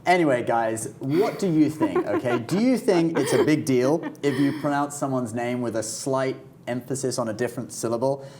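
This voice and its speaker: A man's voice: medium pitch, moderate pace, few pauses, darkish tone, slight background noise. A man with a British accent co-hosting a casual discussion show, easygoing and often chuckling as he talks. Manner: easygoing, chuckles through remarks. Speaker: show co-host.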